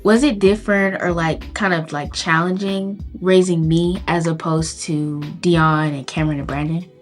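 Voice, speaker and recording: A woman's voice: on the low side, steady tone, normal speed, soft background music. Hesitant young woman asking her father. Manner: hesitant, many fillers. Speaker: daughter asking a question.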